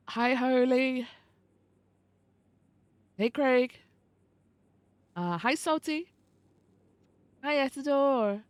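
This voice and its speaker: Chatty, higher-pitched young woman streamer. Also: clear, resonant tone, no echo. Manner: chatty, swears freely, reads and greets chat. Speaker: livestreamer. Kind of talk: casual chat with viewers.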